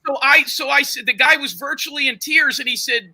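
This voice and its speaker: A man's voice: extremely high pitch, steady tone, a little fast, bright, forceful tone. A man defending himself in a heated argument, insistently retelling a phone call and talking over interruptions. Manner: insistent, talks over others, retells calls with quoted voices. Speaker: show host under confrontation.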